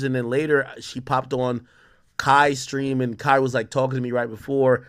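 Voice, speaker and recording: A man's voice: medium pitch, moderate pace, a bit bright, clear, resonant tone. A young man telling a story in casual talk, swearing freely and acting out what others said to him. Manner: profane, quotes others in shifting voices.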